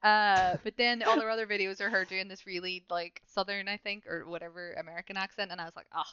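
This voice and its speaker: A woman's voice: medium pitch, flat delivery, fast, bright, forceful tone, clean tone, no echo, lo-fi sound. A woman hosting a casual gaming podcast, rambling and self-mocking with frequent laughter. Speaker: podcast host.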